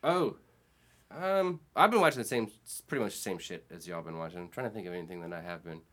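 A man hosting a casual podcast chat, telling animated, profane stories with loud outbursts and laughter. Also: sits low, quick pace. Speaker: podcast host.

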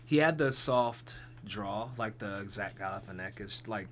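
A man's voice: fairly low pitch, slight background noise. A man from upstate New York co-hosting a podcast, rambling through stories with lots of restarts. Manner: rambling, halting restarts, self-deprecating. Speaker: podcast co-host. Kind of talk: casual chat.

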